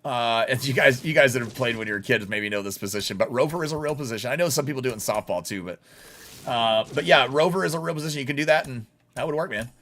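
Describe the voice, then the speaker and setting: A man's voice: mid-range voice, fast, pushed and bright. A young adult man live streaming a baseball video game, chatting bluntly and casually with his viewers and laughing often. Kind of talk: live gaming stream chat.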